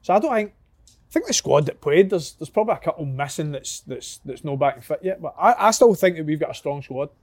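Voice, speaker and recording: A Scottish man in a casual chat who asks questions and makes measured points about football. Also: a little high, sing-song, darkish tone, dry recording. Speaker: podcast co-host.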